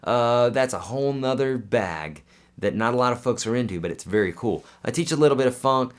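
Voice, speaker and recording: A man's voice: mid-range voice, expressive, a little fast. A man hosting a casual live Q&A as a guitar teacher, chatty and friendly, with lots of fillers and restarts.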